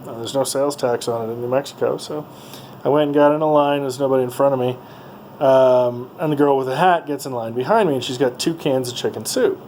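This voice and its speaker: A man's voice: mid-range voice, fairly quick, darkish tone, a little hiss or hum, low-quality recording. A man casually telling stories from a road trip, rambling with many ums and uhs. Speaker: vlogger. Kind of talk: casual travel storytelling.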